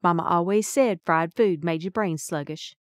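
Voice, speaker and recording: Dry, low-voiced woman narrating. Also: normal speed, dry recording. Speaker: audiobook narrator. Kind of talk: first-person audiobook narration.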